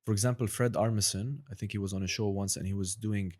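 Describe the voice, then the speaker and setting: Low-voiced man chatting casually. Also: fairly even intonation, quick pace, a little mellow. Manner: rambling, self-deprecating, breaks into brief impressions. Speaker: podcast host. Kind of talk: casual chat about impressions.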